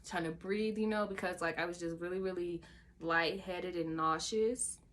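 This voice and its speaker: A young woman vlogger telling a casual story, acting out what she and others said with raised pitch and whispers. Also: steady tone, moderate pace, a bit bright. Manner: acts out her own quotes with rising pitch and whispers.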